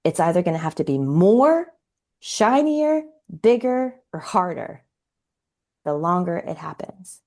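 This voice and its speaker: A woman's voice: on the low side, sing-song, a little slow, warm tone. A woman in her forties, a parenting coach on a podcast, telling stories animatedly and acting out quoted dialogue. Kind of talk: podcast interview storytelling.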